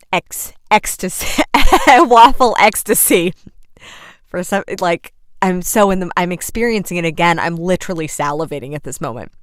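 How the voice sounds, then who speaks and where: Smooth-voiced woman telling a lively story. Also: fairly low pitch, dry recording, studio quality. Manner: animated, vivid storyteller who acts out scenes; chatty, many fillers and self-corrections. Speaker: podcast host and coach. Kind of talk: casual storytelling monologue.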